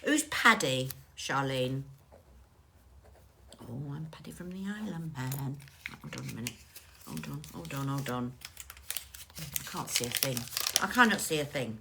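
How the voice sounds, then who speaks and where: A woman's voice: a bass voice, animated, a little slow, gravelly, pauses often, background noise. A woman working as a psychic medium, giving a chatty, affectionate card reading on a phone livestream and calling her viewers darling. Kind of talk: live-stream card reading.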